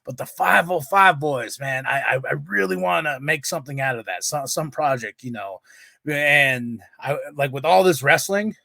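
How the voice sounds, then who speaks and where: A man's voice: on the high side, animated, moderate pace, gravelly, sharp tone, dry recording. A man hosting his podcast, telling a story in a rambling, profane way with many restarts. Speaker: podcast host. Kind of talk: casual storytelling.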